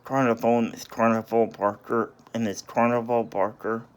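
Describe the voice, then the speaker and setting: A man's voice: mid-range voice, level tone, normal speed, smooth. A man casually recapping a story, hesitant and apologetic, with many restarts and self-corrections. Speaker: video reviewer.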